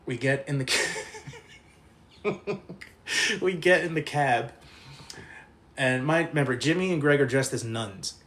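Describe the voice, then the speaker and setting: A man's voice: mid-range voice, moderate pace, a bit bright. A man telling a rowdy anecdote in casual talk, laughing often and swearing freely.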